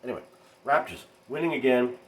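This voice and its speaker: A man's voice: medium pitch, fairly quick, slight background noise, rough recording. Rambling male basketball fan vlogger. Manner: rambling, animated, talks to viewers. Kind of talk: casual basketball recap.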